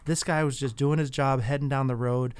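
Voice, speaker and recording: A man's voice: medium pitch, steady tone, brisk, a little mellow, clear, resonant tone, no echo. A man in casual conversation, earnestly telling stories with frequent restarts. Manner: earnest, storytelling, many restarts.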